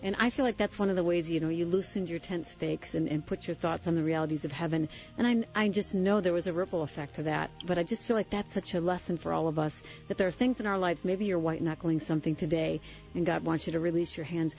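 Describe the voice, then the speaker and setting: Low-voiced woman radio host. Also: steady tone, fast, highs cut off, faint music behind. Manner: warm affirmations, prayerful. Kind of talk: interview hosting and closing prayer.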